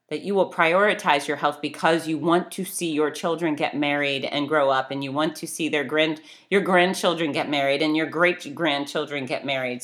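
A woman's voice: low-pitched, sharp tone. A middle-aged woman giving an emphatic, blunt motivational talk that urges listeners to act. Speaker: motivational speaker.

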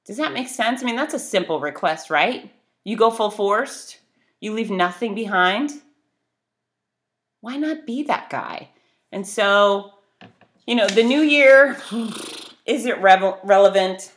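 A woman's voice: medium pitch, expressive, slow, pauses often, fairly bright tone. A middle-aged woman giving an emphatic, blunt motivational talk that urges listeners to act. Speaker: motivational speaker.

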